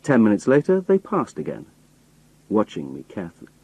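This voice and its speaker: Man narrating with a husky, dark voice. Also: fairly low pitch, wildly swooping pitch, brisk, poor audio. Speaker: audiobook narrator. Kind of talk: scripted first-person narration.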